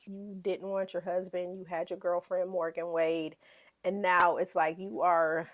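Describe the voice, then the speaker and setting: A woman's voice: lowish voice, little pitch movement, measured pace, noisy background. Blunt, sassy woman doing a TV recap. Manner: acts out quoted lines in put-on voices. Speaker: podcast host. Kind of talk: reality TV recap commentary.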